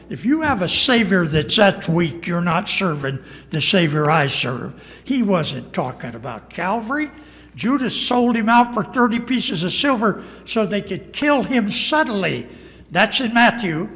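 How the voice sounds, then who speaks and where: High-voiced emphatic man preaching. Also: big pitch swings, unhurried, fairly bright tone, long reverb tail. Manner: emphatic preaching, acts out quoted lines. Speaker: pastor. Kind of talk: sermon. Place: church sanctuary.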